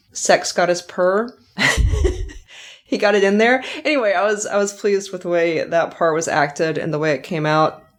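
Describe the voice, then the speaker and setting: A middle-aged woman, an author hosting her own podcast, reflecting in a chatty way and laughing now and then. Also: fairly low pitch. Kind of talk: casual author commentary.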